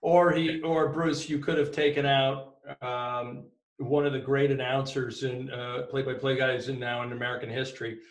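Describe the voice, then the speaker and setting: Affable interviewer in an echoey room. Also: male voice, medium pitch, level tone, normal speed. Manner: affable, frequent short affirmations. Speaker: podcast host. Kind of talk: casual interview.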